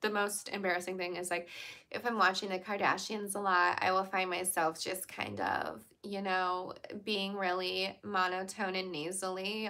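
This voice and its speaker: Bright-voiced chatty woman streamer. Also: medium pitch. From Virginia, US. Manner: chatty, laughs often, answers viewer comments. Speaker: livestream host. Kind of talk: casual livestream chat.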